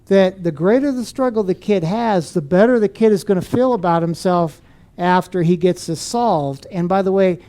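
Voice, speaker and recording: A man's voice: high voice, moderate pace, dark tone. A man giving a storytelling talk on teaching children, who asks his audience questions as he goes. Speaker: speaker on teaching and parenting.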